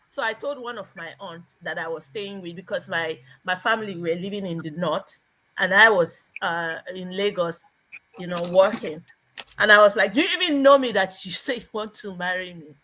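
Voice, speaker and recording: A woman's voice: mid-range voice, moderate pace, fairly bright tone, poor audio. A woman from Nigeria, a panelist on a live show, telling a personal story expressively and laughing along the way. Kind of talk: casual storytelling.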